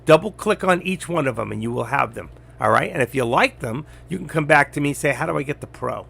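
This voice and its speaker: An older man talking bluntly and rambling on a trading live stream, getting louder as he teaches. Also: on the high side, lively intonation, fairly quick, gravelly, slightly rough. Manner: blunt, rambling, gets loud when teaching. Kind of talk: casual live-stream talk.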